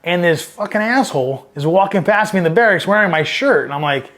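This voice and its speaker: A man's voice: sits high, expressive, fairly quick, fairly bright tone. A middle-aged man from Southern California, a Marine veteran telling war-era stories in a casual, profane, rambling way, livening up when he quotes others. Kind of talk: casual storytelling interview.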